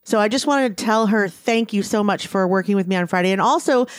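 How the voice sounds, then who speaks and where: A woman co-hosting a podcast in casual chat, talking in a chatty, teasing way with quick asides. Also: mid-range voice, no echo, studio quality. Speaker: podcast co-host.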